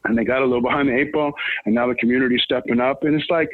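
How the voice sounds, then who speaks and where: A man's voice: medium pitch, rapid-fire, no echo. A man from Brooklyn, telling rambling stories in a casual chat, restarting his sentences often. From Brooklyn, New York. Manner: rambling, animated storyteller with many restarts. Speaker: guest. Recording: tinny phone-like line, dry.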